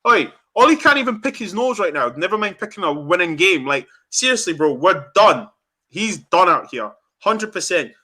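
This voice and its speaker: A man's voice: high voice, normal speed. A young man, hosting a football fan reaction show, ranting angrily and swearing in a heated chat. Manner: angry, ranting, swearing, animated. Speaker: fan channel host.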